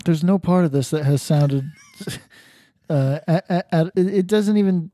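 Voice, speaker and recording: A man's voice: on the high side, measured pace, mellow, no echo, studio quality. Wry man cracking sarcastic jokes. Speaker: podcast co-host. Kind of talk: casual comedic banter.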